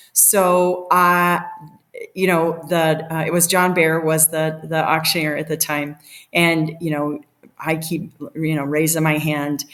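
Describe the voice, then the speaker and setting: A middle-aged woman telling a story as a podcast guest, animated and laughing, acting out the quotes. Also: low-pitched. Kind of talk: casual storytelling.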